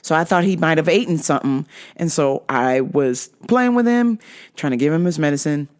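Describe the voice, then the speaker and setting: A woman's voice: sits low, expressive, normal speed, a little mellow. A woman hosting a podcast, telling stories in a profane, ranting way. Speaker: podcast host. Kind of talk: casual profane storytelling.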